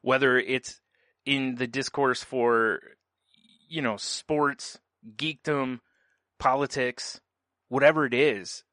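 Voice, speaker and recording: A man's voice: mid-range voice, steady tone, slow pace, pushed and bright, no echo, clean studio sound. A man co-hosting a casual podcast, telling stories in a laid-back way and laughing often. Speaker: podcast co-host. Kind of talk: casual chat.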